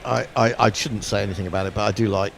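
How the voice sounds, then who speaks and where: Middle-aged man with a gravelly low voice, chatty cricket co-commentator, rambling and self-mocking. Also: steady tone, very fast, slight background noise. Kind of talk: chatty summarising.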